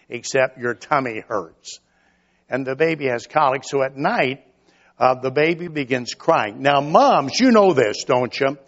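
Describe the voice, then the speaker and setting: A man's voice: mid-range voice, a bit bright, muffled recording. An older man preaching a sermon in a folksy storytelling manner, acting out little quoted lines along the way.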